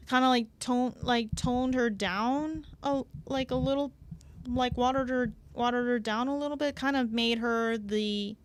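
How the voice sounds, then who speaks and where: A woman talking as a guest on a casual gaming podcast, halting and full of fillers and repeated words. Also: a little high, clean tone.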